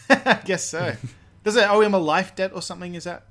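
A man with a high-pitched, fairly bright voice co-hosts a casual podcast at a normal speed. He jokes, laughs often, and trails off in hesitations as they chat.

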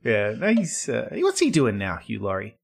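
A man's voice: medium pitch, huge pitch swings, normal speed, vocal fry, breathy edge. A man in his thirties co-hosting a casual podcast chat, swearing freely and laughing easily. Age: 30s. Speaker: podcast co-host.

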